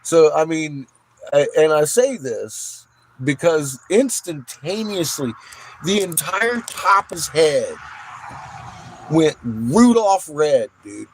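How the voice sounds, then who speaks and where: A man's voice: fairly high pitch, slow, slight background noise, poor audio. A man vlogger casually telling a story, swearing freely and laughing often as he acts out what others said. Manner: profane, laughs often, animated retelling.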